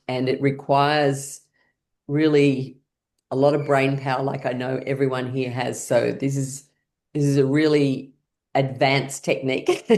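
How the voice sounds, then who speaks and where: A middle-aged woman leading a laughter session over a video call, playful and cheerful, breaking into laughter and high whoops. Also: darkish tone. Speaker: laughter yoga leader.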